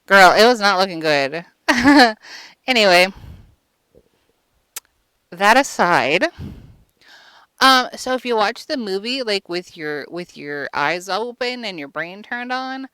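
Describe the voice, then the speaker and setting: A woman with a bright, smooth voice riffs through a comic movie recap. She swears freely and rambles, full of "like" and "um". The sound is dry and close. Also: medium pitch, expressive, takes it slowly, pauses often, dry recording. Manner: crude, rambling, lots of fillers. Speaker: vlogger. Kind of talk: casual comedic movie recap.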